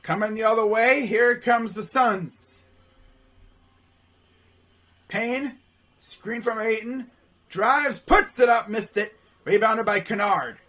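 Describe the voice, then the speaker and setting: A young man doing live play-by-play reaction to a basketball game from home, slangy and excitable, yelling and groaning at missed shots. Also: high voice, slow, long pauses. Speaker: play-by-play streamer.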